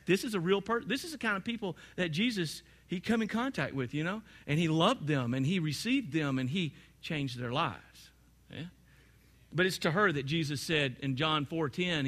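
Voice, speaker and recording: A man preaching a sermon, talking straight to his congregation and swinging from quiet, low asides to loud, emphatic points. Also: a little fast. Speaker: pastor.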